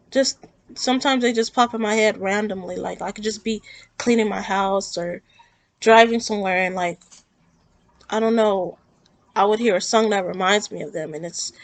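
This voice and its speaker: A woman vlogger with a mid-range voice talks to camera about her own grief in an earnest, emotional, rambling and heartfelt way. There's no room sound.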